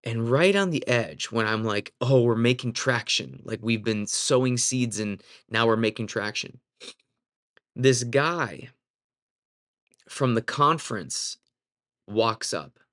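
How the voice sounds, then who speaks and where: Earnest male minister, candid storyteller, mid-pitched. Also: a bit bright.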